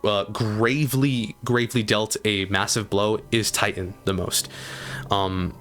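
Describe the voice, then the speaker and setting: A man's voice: fairly low pitch, fairly even intonation, measured pace, fairly bright tone, faint music behind. A man running a tabletop game as game master, narrating in rambling bursts full of fillers.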